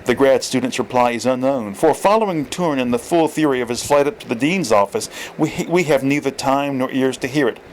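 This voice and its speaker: A man reading a comic story aloud in a dry, deadpan way, now and then correcting himself. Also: medium pitch, brisk, hardly any pauses, slight background noise, low-quality recording. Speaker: reader.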